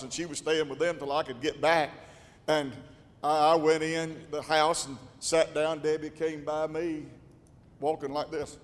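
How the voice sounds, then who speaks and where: An older pastor preaching a storytelling sermon in a folksy drawl, his voice sitting a little high and swelling into shouts. It rings in a long church reverb.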